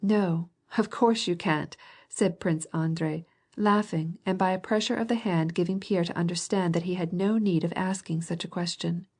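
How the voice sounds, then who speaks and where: A woman with a low, husky voice and fairly even intonation reads a classic novel aloud for an audiobook. She keeps a measured pace and voices the characters softly.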